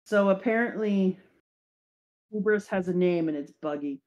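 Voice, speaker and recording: A woman hosting a casual talk show, recapping an anime episode in lively chat and briefly acting out the characters' lines. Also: medium pitch, normal speed, highs cut off. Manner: animated, acts out character lines. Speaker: podcast host.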